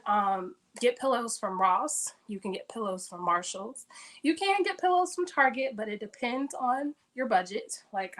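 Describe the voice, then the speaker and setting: A woman's voice: mid-range voice, a bit bright. Chatty woman giving decor tips. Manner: chatty, upbeat, addresses audience directly. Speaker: interior decorator speaker. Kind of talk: casual how-to talk. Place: her bedroom.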